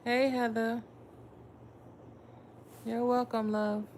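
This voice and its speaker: A woman's voice: a little high, flat delivery, drawn-out words, a little mellow, slight background noise. A woman tarot reader chatting casually with viewers on a livestream, blunt and swearing freely. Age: adult with a son.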